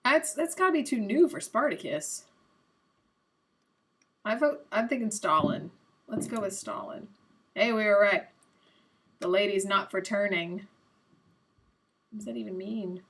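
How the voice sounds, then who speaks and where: A woman's voice: mid-range voice, animated, measured pace, long pauses, a bit bright, slightly rough. Chatty young woman thinking aloud. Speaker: live-stream host. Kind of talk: casual live-stream chat while playing a quiz game.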